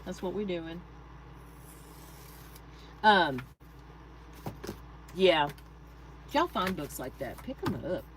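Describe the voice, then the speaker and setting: A woman's voice: on the low side, expressive, slow, pauses often, background noise. A woman hosting a craft channel, chatting casually with her viewers while she works, laughing often. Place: home craft room.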